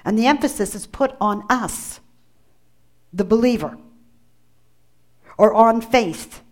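A woman's voice: fairly high pitch, slow. A woman preacher delivering a sermon, emphatic, repeating key phrases and calling on listeners by name.

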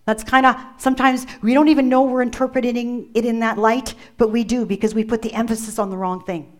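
A woman's voice: on the high side, steady tone, fairly quick. A woman preacher delivering a sermon, emphatic, repeating key phrases and calling on listeners by name.

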